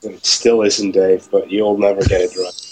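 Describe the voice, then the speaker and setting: A man's voice: low-pitched, little pitch movement, moderate pace, noisy background. A man as a guest on a radio show, bantering with dry, teasing humor.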